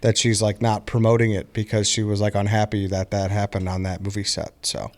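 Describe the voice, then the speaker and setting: A man's voice: lowish voice, flat delivery, brisk. A man hosting a podcast in loose, rambling casual chat, swearing freely. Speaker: podcast host.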